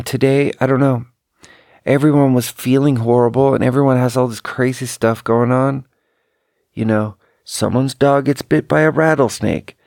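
A man's voice: medium pitch, creaky, a little mellow, no echo, clean studio sound. A man hosting a solo podcast, talking in a rambling, introspective and self-critical way about managing a team. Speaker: podcast host. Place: indoors at home by an open window.

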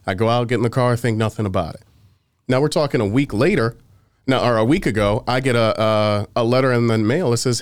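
A man's voice: medium pitch, a little fast, clean tone, no echo, studio quality. A man casually telling a story on a podcast, acting out what others said and swearing freely. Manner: animated, acts out quoted exchanges, swears freely.

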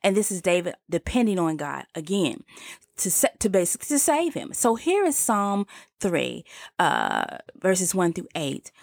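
A woman's voice: lowish voice, huge pitch swings, normal speed, vocal fry, no echo, clean studio sound. A woman giving a conversational Bible teaching, reading scripture aloud and explaining it with plenty of fillers and restarts.

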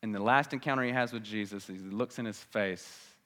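A male pastor giving a sermon in a church, swinging from biting sarcasm to hushed, earnest appeals. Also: on the low side, a little fast. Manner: sarcastic, then dramatic with wide swings between loud and hushed.

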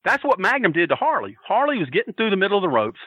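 A man telling a story on a podcast, loud and profane, acting out the shouts of the crowd with laughter. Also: high voice, wildly swooping pitch, rapid-fire, slightly rough, no echo, phone-quality sound. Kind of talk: animated storytelling.

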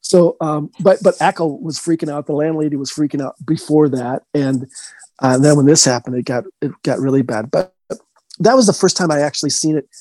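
A man, a paranormal investigator, telling a long story in a casual interview, rambling and halting with many restarts. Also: fairly high pitch, a little mellow, dry recording.

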